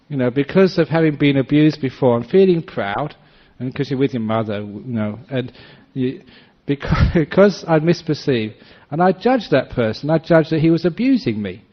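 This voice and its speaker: A man speaking as a Buddhist monk in a dharma talk, telling anecdotes and often laughing. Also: a little high. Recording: dull lo-fi recording.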